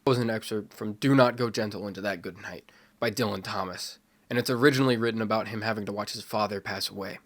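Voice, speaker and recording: A young man talking to camera in a spoken opinion essay, measured at first and building to impassioned, fiery delivery. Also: on the low side, steady tone. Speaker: video essayist.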